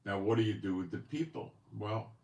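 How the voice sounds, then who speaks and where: A man's voice: on the low side, lively intonation, a little fast, darkish tone, echoey room. A man hosting his own channel, giving casual spoken commentary in a rambling, conversational way with many asides and rhetorical questions. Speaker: channel host. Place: home studio in Israel.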